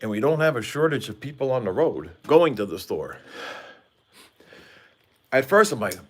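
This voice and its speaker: A man's voice: mid-range voice, big pitch swings, normal speed, a bit bright, husky. A man rambling casually and joking with viewers during a live stream, talking into his phone on a side porch outdoors. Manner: rambling, jokey, talks to viewers. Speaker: vlogger. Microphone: phone held by hand.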